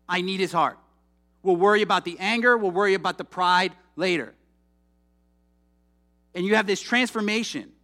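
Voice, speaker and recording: A young man gives a sermon that is animated and chatty, sprinkled with frequent remarks to the congregation. He speaks in a high-pitched voice at normal speed and pauses often.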